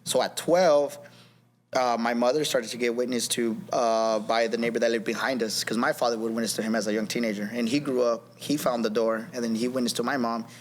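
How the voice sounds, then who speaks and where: Fast-talking man telling his story. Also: medium pitch, steady tone, slight background noise. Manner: rambling, many restarts and "you know what I mean". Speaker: podcast guest. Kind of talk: testimony in casual conversation.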